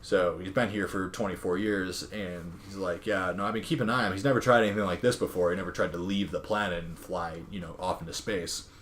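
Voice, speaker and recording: A low-pitched man chatting loosely about a comic book's plot, leaning on fillers and acting out bits of dialogue as he goes. A faint hiss sits under his voice. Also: fairly even intonation, fast, few pauses, fairly bright tone. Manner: rambling, filler-heavy retelling with quoted dialogue. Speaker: podcast co-host recapping a comic. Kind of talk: casual chat.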